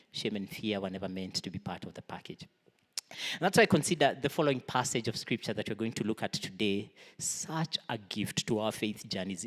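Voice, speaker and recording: A man preaching a sermon to a church congregation, earnest, raising his voice for emphasis and then dropping to a near-whisper. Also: mid-range voice. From Kenya. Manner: earnest, swings between raised emphasis and soft near-whispers. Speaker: pastor. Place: church hall. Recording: long reverb of a large hall.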